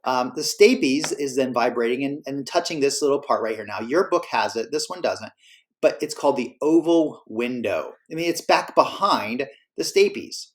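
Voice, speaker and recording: A man's voice: mid-range voice, expressive, normal speed. Guy teaching a class, laid back, talks it through and fixes himself as he goes. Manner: casual, self-correcting explainer. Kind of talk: classroom lecture.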